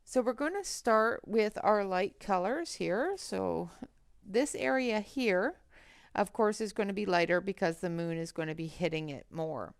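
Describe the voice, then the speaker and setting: A woman's voice: medium pitch, unhurried, vocal fry, clean tone, no echo, studio quality. A woman hosting a colouring livestream on a headset mic, chatting casually and greeting viewers by name as she works.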